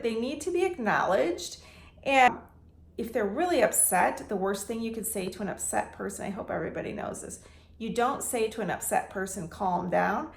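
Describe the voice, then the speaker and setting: Speaking with a medium-pitched, gravelly voice, this Detroit-area landlord and real estate investor vlogs casual advice straight to camera. She's animated and talkative, voicing both sides of phone calls, recorded in an echoey room.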